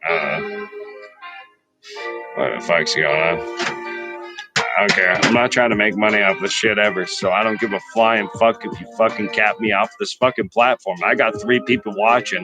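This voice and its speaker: A low-voiced man chatting to his livestream and sliding into freestyle raps. He rambles and swears constantly, talking big about his own skills. Faint beats play underneath. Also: moderate pace, pushed and bright, faint music behind, rough recording. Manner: rambling, heavily profane, boastful. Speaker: livestream host and freestyle rapper. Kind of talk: casual livestream chat and freestyle rap. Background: faint hip-hop beats.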